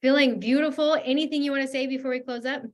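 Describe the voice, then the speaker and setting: A woman's voice: high voice, steady tone, quick pace. A woman hosting a video call, gushing with thanks and then leading a guided breathing exercise. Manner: effusive, gushing, softly spoken. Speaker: host. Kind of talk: closing remarks and guided breathing.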